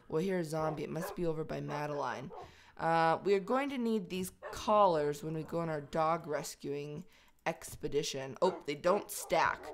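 A woman hosting a video game let's play, chatty and excitable, talking to her pets as she plays. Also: deep voice.

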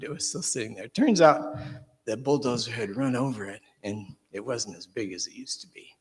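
A man preacher telling a children's story during a church service, animated and dropping to hushed suspense. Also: mid-range voice. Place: church sanctuary. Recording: reverberant church hall.

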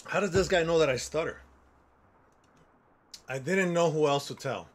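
A man's voice: fairly high pitch, moderate pace. A man in his forties giving casual, jokey gameplay commentary, talking back to characters on screen and swearing freely. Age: 40s. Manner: joking, loud and swearing, talks to characters on screen. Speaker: gaming streamer.

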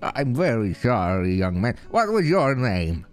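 A man's voice: mid-range voice, very animated, unhurried, clear, resonant tone, soft background music, voice pushed down. A man playing a polite, flustered old man in a role-play game, stammering and apologizing.

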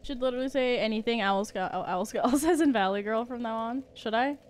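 A woman's voice: on the high side, a little fast, a little mellow. A woman streaming a game, chatting playfully with viewers and giggling often. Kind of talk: casual gaming commentary.

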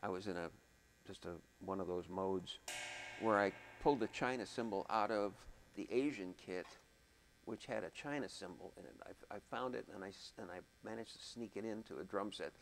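A man's voice: fairly low pitch, moderate pace, vocal fry, slight background noise, rough recording. A man teaching music production in a casual, thinking-aloud way, humming out drum rhythms as he goes. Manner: thinks aloud, chatty, vocalizes drum patterns.

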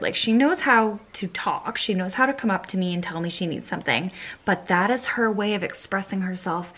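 A young woman, a single mom, chatting casually to camera in a rambling vlog style with lots of fillers. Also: fairly low pitch.

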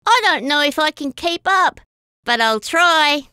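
A woman voicing a fretful little bird ranger with anxious, high exclamations, in a children's storybook reading. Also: expressive, measured pace, sharp tone, no room sound, studio quality, exaggerated voice.

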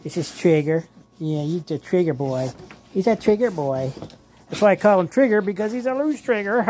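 A man's voice: sits high, moderate pace, a little mellow, a little hiss or hum. A man filming his dogs at home, talking to them in a doting, drawling way and laughing often. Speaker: vlogger showing his dogs. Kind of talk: casual home vlog, talking to pets. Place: home living room.

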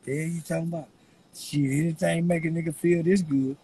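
A man rambling to the camera while high, giggling through his words, teary-eyed from laughing, with a loose, slangy way of talking. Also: fairly even intonation, brisk, mellow, breathy edge, poor audio. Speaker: vlogger. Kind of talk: rambling stoned chat to camera.

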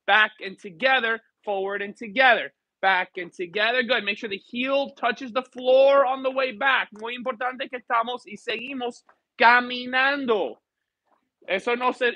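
Male dance instructor leading a class, bilingual, playful, counts steps aloud; very high, bright voice, dry. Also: no room sound. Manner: counting steps aloud, mixing English and Spanish, joking with students. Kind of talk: teaching a live dance class. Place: dance studio.

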